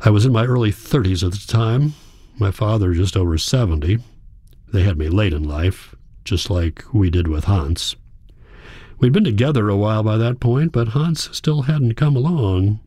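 A man reading a novel aloud in a measured, reflective storytelling manner. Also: fairly low pitch, animated, dark tone, no room sound, clean studio sound. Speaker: audiobook narrator. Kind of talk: scripted narration.

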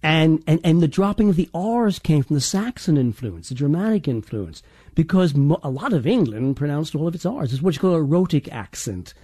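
A man with a partly Irish accent, a dialect coach explaining in a halting way with many restarts. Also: on the high side, very animated, mellow, husky, no room sound, studio quality. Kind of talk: explanatory interview talk.

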